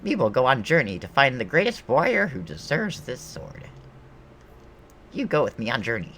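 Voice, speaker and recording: A man's voice: medium pitch, wildly swooping pitch, normal speed, bright, forceful tone, slight background noise, voice pushed up, exaggerated voice. A man voicing dim, boastful male goblin warriors who talk in broken grammar, in a video game playthrough. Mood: earnest.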